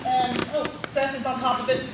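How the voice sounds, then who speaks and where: A woman who directs a band, announcing student awards at a banquet and calling out names with warm pride. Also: high-pitched, flat delivery, fairly quick. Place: school gym. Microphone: far from the recording device. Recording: echoey gym taped from far off. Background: crowd murmur and noise.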